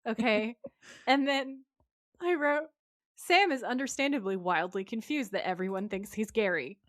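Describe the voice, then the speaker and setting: A woman's voice: fairly high pitch, normal speed, no room sound, clean studio sound. A woman, co-hosting a podcast and animatedly recapping an episode, acting out quotes from her notes. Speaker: podcast co-host. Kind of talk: casual recap chat.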